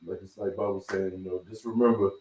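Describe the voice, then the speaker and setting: A man co-hosting a casual chat, chiming in with quick remarks and reminders. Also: sits low, fairly even intonation, a little mellow. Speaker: co-host. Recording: roomy sound from a distant mic.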